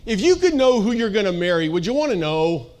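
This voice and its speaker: A man's voice: high-pitched, big pitch swings, brisk, darkish tone. A man preaching a casual, joking sermon, talking in a chatty, playful way with plenty of asides. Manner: chatty, playful, lots of "like" and "you know". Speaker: pastor.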